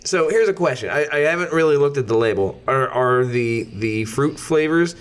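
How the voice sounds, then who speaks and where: A man's voice: medium pitch, lively intonation, normal speed. A man co-hosting a casual beer-tasting podcast, joking and riffing between sips. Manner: joking, tangential banter. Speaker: podcast co-host. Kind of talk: casual chat.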